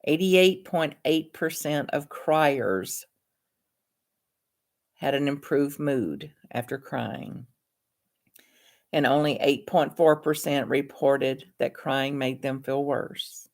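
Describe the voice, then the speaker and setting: An author and counselor reads aloud from her own book in a low-sitting voice. Her delivery is calm, measured and earnest.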